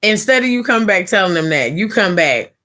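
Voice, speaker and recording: A woman live streamer casually telling a story in a blunt, profane, animated way. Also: medium pitch, fairly quick.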